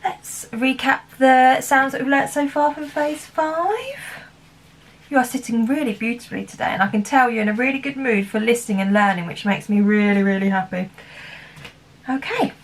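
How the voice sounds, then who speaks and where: A woman's voice: a little high, moderate pace, a little hiss or hum. A woman with an English accent teaching a phonics lesson to young children, encouraging and chanting sounds in a sing-song way. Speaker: primary school teacher.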